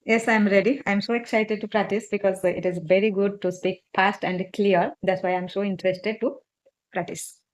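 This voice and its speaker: A woman's voice: medium pitch, steady tone, moderate pace. Woman vlogger reading tongue twisters carefully. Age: adult, mother of a child. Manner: simple, careful learner's English. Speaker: channel host and mother. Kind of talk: casual vlog with tongue twister practice.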